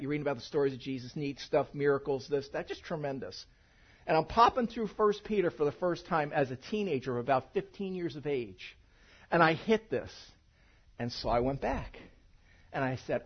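A man preaching a sermon to his congregation in church, talking in a conversational, animated way and mixing humor with teaching. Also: fairly high pitch, normal speed, slightly rough, lo-fi sound. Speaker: pastor. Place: church sanctuary.

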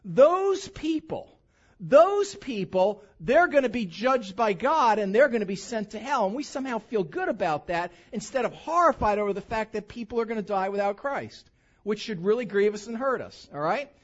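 Male preacher, lively pitch swings, slightly dull lo-fi church recording. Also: brisk. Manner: lively, animated preaching with mock-drawl asides. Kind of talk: sermon with humorous anecdote. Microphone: handheld or stage microphone.

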